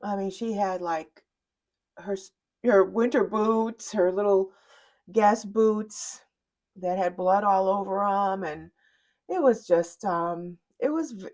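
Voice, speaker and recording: A middle-aged woman telling a family story, halting and full of fillers and restarts, close to tears. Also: medium pitch, darkish tone. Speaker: mother telling her daughter's story. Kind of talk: emotional personal storytelling.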